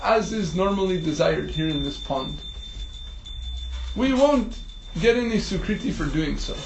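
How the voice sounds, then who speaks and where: A man tells a spiritual story with lively energy, laughing often and filling pauses. His voice sits high. The room is echoey, with faint ambience behind. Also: gravelly, slight background noise. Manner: animated, laughs often, many fillers. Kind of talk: storytelling talk.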